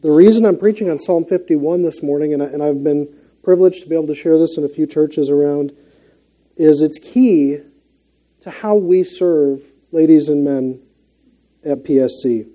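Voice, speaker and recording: A middle-aged man with a Minnesota accent preaching a sermon. His voice sits a little high yet sounds very dark and mellow. He talks in an earnest, conversational way and often pauses on fillers. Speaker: guest preacher.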